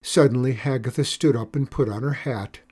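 A man narrating a children's storybook aloud in a slow, expressive way. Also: medium pitch, slightly rough. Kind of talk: storybook reading.

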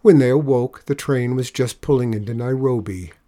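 A man narrating a children's storybook aloud in a gentle, measured way. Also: medium pitch. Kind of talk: storybook reading.

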